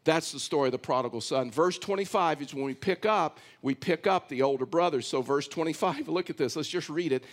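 A man's voice: fairly high pitch, a little fast, hardly any pauses. A man pastor delivering a sermon, reading scripture and then commenting on it, emphatic and repetitive, often breaking in with "listen". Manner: emphatic preaching, repeats phrases, often says "listen".

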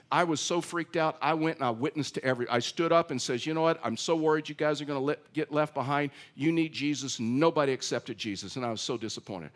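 A male pastor preaching a sermon in a conversational, storytelling way with self-deprecating humor. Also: a little high. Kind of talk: sermon with personal stories.

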